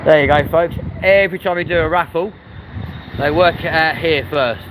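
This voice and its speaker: A London-accented man hosts a live stream while walking down a city street, chatting in a rambling, cheeky way and answering viewer comments. His voice is fairly high and his speed normal. Wind and street noise hit the mic, with traffic and wind in the background.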